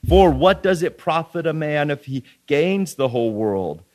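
A man's voice: on the high side, expressive, a little slow, darkish tone. A man preaching a sermon in an earnest way, often restarting and repeating phrases as he reads scripture aloud.

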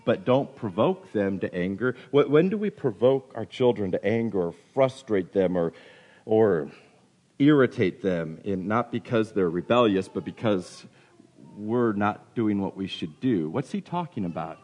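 A man preaching a sermon, animated and full of questions, repeating himself as he goes, with a cold coming on. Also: lowish voice, measured pace, dull audio. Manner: animated, questioning, with many restarts. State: getting a cold. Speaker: pastor.

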